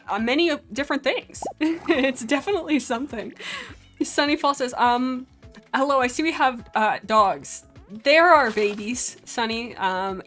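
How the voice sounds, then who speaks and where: Young female streamer, bright excitable chatter with gasps and laughs, soft game music underneath. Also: fairly high pitch. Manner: excitable, giggly, gasping, voices the pets' thoughts. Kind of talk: casual gameplay commentary.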